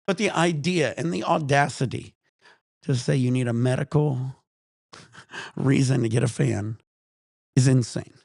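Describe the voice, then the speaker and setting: A man hosting a relaxed vlog, rambling and swearing freely in casual chat while high. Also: slow, creaky, long pauses, no echo, clean studio sound. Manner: rambling, profane, laid-back. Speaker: vlog host.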